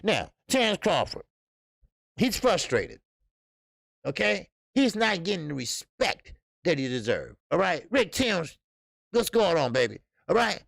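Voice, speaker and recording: American man, boxing stream host, gravelly and fairly high voice, chatty and unscripted, dry close sound. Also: unhurried, no room sound. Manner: animated, talks straight to chat, many fillers and restarts. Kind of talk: live-stream commentary with chat.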